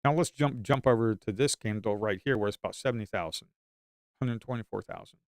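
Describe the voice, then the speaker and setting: A man's voice: on the low side, fairly quick, no echo, clean studio sound. A man giving live stock trading commentary in an emphatic, repetitive way.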